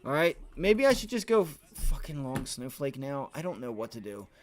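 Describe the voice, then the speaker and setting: A man streaming live from home, giving excitable, profane trading commentary while talking to himself and his viewers. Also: medium pitch, normal speed, slight background noise. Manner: excitable, swears, talks to himself and chat. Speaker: livestream day trader.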